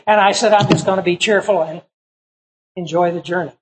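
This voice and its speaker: A man's voice: high voice, fairly even intonation, a little fast, low-quality recording. A middle-aged man, a pastor, telling a personal story in a sermon in a folksy, conversational way, acting out the people he quotes.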